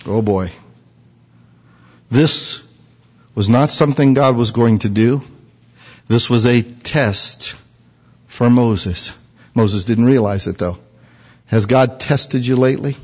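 A man preaching a sermon in a conversational, animated storytelling manner with frequent asides. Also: mid-range voice, takes it slowly, long pauses. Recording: dull recording in a reverberant hall.

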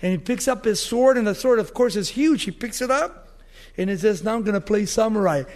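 A man's voice: very high-pitched, animated, normal speed. A man preaching a sermon, telling a story animatedly and asking his listeners questions.

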